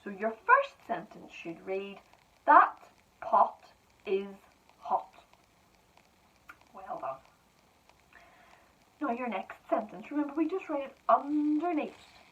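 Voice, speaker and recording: A woman's voice: mid-range voice, big pitch swings, slow. A woman primary school teacher dictating spelling sentences word by word, with encouraging praise. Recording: dull lo-fi sound from a distance.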